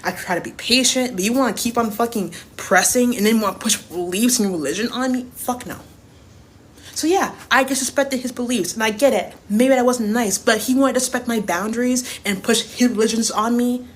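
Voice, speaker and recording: A woman's voice: fairly high pitch, a little fast. Woman, 20s, casual storytime rant; blunt, cussing, repetitive. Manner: blunt and profane, repeats herself for emphasis. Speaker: TikTok creator.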